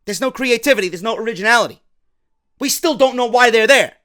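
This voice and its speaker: A man with a New York accent reviewing a wrestling show, ranting with profanity and sarcasm and getting loud and heated. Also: very high voice, quick pace.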